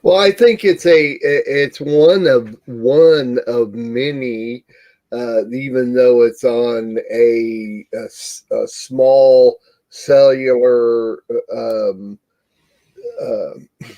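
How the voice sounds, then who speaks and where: A man speaking as a panelist on a faith talk show, halting with many restarts. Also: medium pitch, warm tone. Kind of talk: casual faith discussion.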